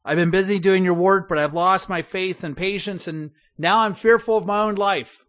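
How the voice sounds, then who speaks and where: A preacher acting out a fearful, weary prophet. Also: male voice, high voice, normal speed, a bit bright, pitched above the performer's own voice. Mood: pleading. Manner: earnest, pleading, stammering. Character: fearful, weary prophet pleading his case.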